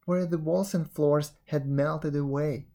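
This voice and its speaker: A man reading a fairy tale aloud, expressive storytelling with a few slips. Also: fairly high pitch, slow. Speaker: reader.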